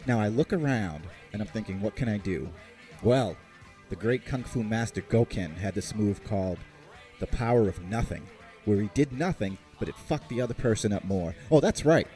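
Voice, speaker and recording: A man hosting a podcast spins sarcastic, profane stories with lots of swings in his pitch. His delivery is lively and comic. Faint guitar music plays softly behind him. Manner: animated, sarcastic, swears freely. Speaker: podcast host.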